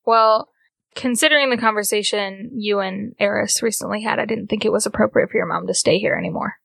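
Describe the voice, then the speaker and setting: A woman playing an anxious young woman who hesitantly tries to smooth things over. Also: mid-range voice, a little fast, a bit bright, no room sound, heavily acted. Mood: placating.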